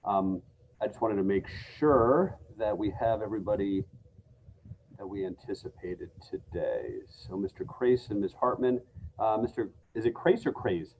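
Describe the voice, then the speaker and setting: A man presiding as a judge over a remote court hearing, speaking formally and at a measured pace, with frequent filler pauses. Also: fairly low pitch, expressive, phone-quality sound.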